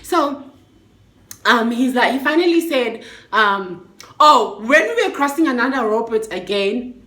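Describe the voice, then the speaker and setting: A young woman tells a story in a chatty, expressive vlog style, full of slang and swearing. Her voice sits high and bright. The room around her is echoey. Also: measured pace. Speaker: vlogger.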